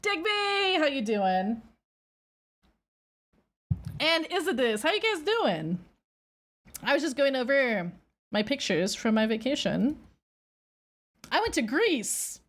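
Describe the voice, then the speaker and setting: A woman streamer chats casually and spins a rambling story for her viewers. Her fairly high voice swings widely, jumping up into squeals whenever something excites her. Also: takes it slowly, pauses often.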